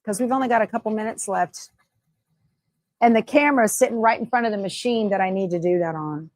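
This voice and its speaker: On a laid-back sewing livestream, a middle-aged female host talks fairly quickly at a medium pitch. She chats, laughs a lot and reads viewer comments aloud, and the recording is dry.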